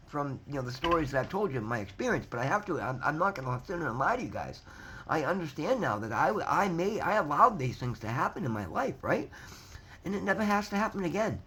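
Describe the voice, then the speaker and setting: Slightly rough and a bit bright, his voice sits a little high. He's a motivational vlogger delivering an earnest, casual self-help monologue to camera, swearing a lot, repeating points and calling his audience "guys."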